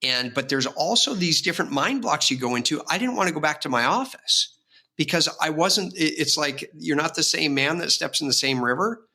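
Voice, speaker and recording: A man's voice: on the high side, animated, a little fast, sharp tone. A man, a real estate agent guest on an interview podcast, telling rambling, vivid personal stories with frequent restarts. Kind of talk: casual storytelling interview.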